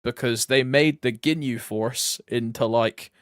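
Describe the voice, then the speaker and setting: A man's voice: mid-range voice, fairly even intonation, measured pace, no room sound, studio quality. A man streaming live, chatting loosely in slangy talk, laughing often and trailing off mid-thought. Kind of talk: casual live stream commentary.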